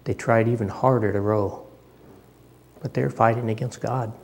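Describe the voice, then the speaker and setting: A man's voice: medium pitch, fairly even intonation, moderate pace, a little mellow. A man preaching a sermon, reading scripture aloud and talking conversationally, repeating phrases for emphasis.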